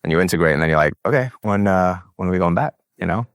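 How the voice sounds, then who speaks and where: A man with a very deep voice hosts a casual interview, firing up at a good story and cursing freely. The sound is dry and close, with almost no room around it. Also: lively intonation, fast, no room sound. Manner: enthusiastic, swears casually. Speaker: podcast host. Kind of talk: conversational interview.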